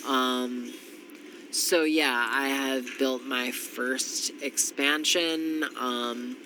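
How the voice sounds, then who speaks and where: A man's voice: medium pitch, background noise. A congested, tired man giving casual gameplay commentary, thinking aloud with frequent ums. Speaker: strategy game commentator.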